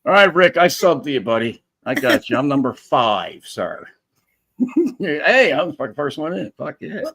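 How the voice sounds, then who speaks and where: A man's voice: a little high, big pitch swings, moderate pace, a bit bright. A man chatting as a guest on a livestream, profane and joking, rambling through stories. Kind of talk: casual livestream chat.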